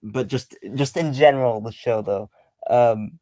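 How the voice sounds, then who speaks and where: A young man chats through a casual livestream, answering viewers in loose, rambling sentences packed with ums and the odd curse. His voice sits at an ordinary male pitch and sounds dry and close, with no room echo. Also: measured pace, warm tone. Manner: rambling, filler-heavy, blunt and profane. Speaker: livestream host answering chat.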